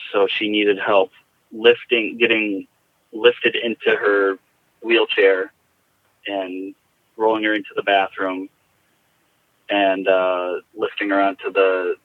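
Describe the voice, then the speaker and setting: Man, low voice, halting reflective storytelling, tinny phone sound, dry. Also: level tone, no room sound. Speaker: guest. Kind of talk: personal storytelling.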